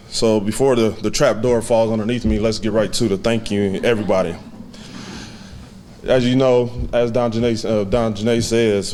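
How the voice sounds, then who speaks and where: A man in his twenties giving a heartfelt, halting acceptance speech to a banquet audience, with many fillers. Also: fairly low pitch, darkish tone, a little hiss or hum. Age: 20s. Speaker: hall of fame inductee giving a speech.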